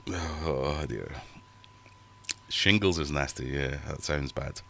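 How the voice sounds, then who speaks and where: A middle-aged man with a very low voice hosts a livestream from his fish room at home. He reads out viewer comments and rambles on in a chatty, self-mocking way. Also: slow pace, vocal fry, a bit bright, a little hiss or hum. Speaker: livestream host. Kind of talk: casual livestream chat reading viewer comments.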